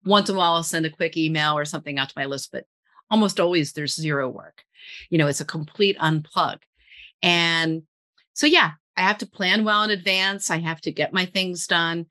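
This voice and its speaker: A woman's voice: lowish voice, normal speed, bright, forceful tone. A middle-aged woman, a guest copywriter, chatting casually in an interview, rambling with restarts and laughing often.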